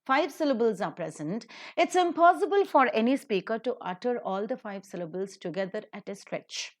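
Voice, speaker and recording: A woman, teaching word stress in a careful recorded lecture, saying example words with loud stress. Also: fairly high pitch, animated, moderate pace. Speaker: English teacher.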